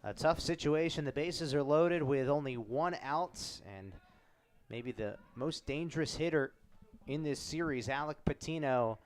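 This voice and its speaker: Smooth-voiced man calling baseball play-by-play. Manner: calls each pitch in short measured phrases. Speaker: play-by-play announcer. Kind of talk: live baseball play-by-play commentary.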